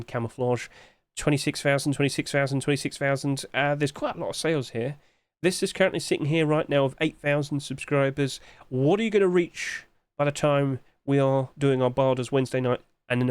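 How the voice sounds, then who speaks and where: A man's voice: a little high, clear, resonant tone, no room sound. A man who hosts a commentary channel and thinks aloud in a chatty way while talking through sales figures. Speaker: game market analyst. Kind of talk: screen-share commentary.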